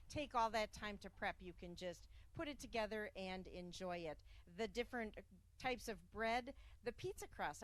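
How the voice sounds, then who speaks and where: A woman hosting a live cooking segment, chatty and upbeat, with plenty of fillers as she promotes the ingredients. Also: mid-range voice.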